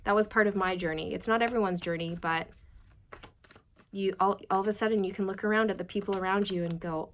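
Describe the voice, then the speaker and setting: A woman's voice: mid-range voice, fairly even intonation, brisk, a bit bright, a little hiss or hum. A woman giving a casual tarot reading to her viewers, chatty and direct, asking many rhetorical questions. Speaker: tarot reader.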